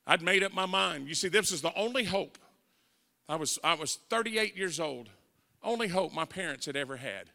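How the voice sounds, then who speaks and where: A man's voice: on the high side, gravelly, pushed and bright. A man in his forties with a Southern accent, preaching his testimony as an evangelist and acting out the voices in his story. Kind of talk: testimony sermon. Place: church sanctuary. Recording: reverberant church hall.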